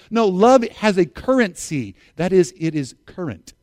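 Middle-aged male pastor with a high voice, dry and close; earnest preacher who repeats his key lines. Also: animated, normal speed, darkish tone, dry recording. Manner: earnest, repeats key phrases, asks congregation to respond. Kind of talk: sermon.

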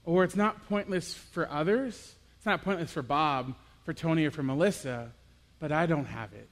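A young man giving a personal, confessional sermon as a youth pastor, moving between quiet reflection and animated storytelling. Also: fairly high pitch, normal speed, big-room sound.

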